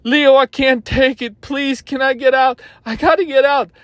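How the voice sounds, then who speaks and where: Man doing a frantic pleading novice trader, whiny, high and bright, crisp dry sound. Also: steady tone, moderate pace, dry recording. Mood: panicked.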